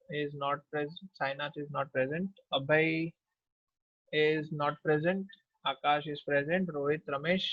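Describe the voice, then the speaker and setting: A male teacher with an Indian accent calls the roll in a brisk, businesslike way, switching freely between English and Hindi. His voice sits a little high. The recording is dry and close, with a dull, lo-fi sound. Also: no room sound. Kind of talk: taking class attendance.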